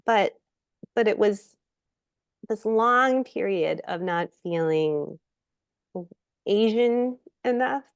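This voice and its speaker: An expressive middle-aged woman from the United States chats as an interview guest, acting out the voices of people in her stories and breaking into laughs. Her voice sits at an ordinary pitch and sounds dry and close to the mic. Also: takes it slowly, pauses often, clear, resonant tone, no room sound. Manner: animated storyteller, acts out quoted voices, laughs often. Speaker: guest actress. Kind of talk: casual interview chat.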